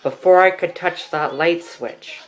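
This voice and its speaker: A man's voice: a little high, a little slow, rough recording. A teenage boy telling a personal story in a casual vlog, rambling with many fillers. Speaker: vlogger.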